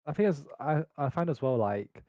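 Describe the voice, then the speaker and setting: A man's voice: on the high side, lively intonation, moderate pace, dark tone, no room sound, dull audio. A man guesting on a casual gaming podcast, talking hesitantly and filling his sentences with "like". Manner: hesitant, says like constantly.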